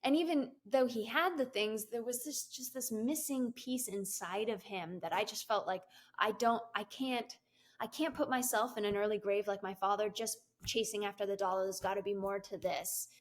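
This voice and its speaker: A woman's voice: medium pitch, normal speed. A middle-aged woman, a guest on an interview show, telling her story in a casual, giggly way with many fillers and laughs. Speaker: guest, business coach and CEO.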